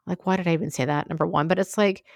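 A woman's voice: fairly low pitch, steady tone, racing, creaky, no echo. A woman hosting her own podcast, talking frankly and conversationally, full of asides, into a close mic. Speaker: podcast host. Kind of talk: candid solo podcast monologue.

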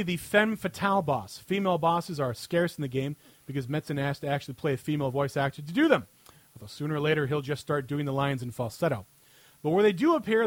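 A podcast host with a fairly high-pitched male voice reads satire aloud with heavy sarcasm, frequently dissolving into laughter. The recording is dry.

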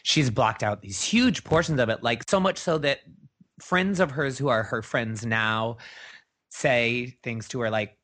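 A man co-hosting a podcast, speaking in a relaxed, easygoing way. He pauses and restarts often while he thinks, and his pitch sits at an ordinary middle level. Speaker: podcast co-host. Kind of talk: casual chat.

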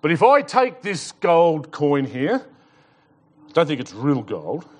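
A male pastor delivers a sermon in church. He talks in a relaxed, storytelling way, restarting phrases as he goes. His voice sits a little higher than most men's. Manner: storytelling, conversational with frequent restarts. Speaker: senior pastor.

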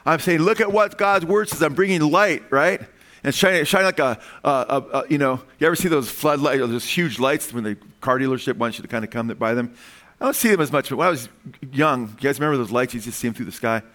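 A man's voice: mid-range voice, fast talker, a bit bright. A man preaching a conversational sermon, asking the audience questions and dropping his voice on key words.

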